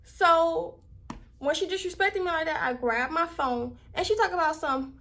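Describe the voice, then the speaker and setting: A young woman from Miami with a Southern accent, telling a workplace story in a casual, heated, animated way. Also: very high voice, normal speed. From Miami, Florida. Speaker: vlogger.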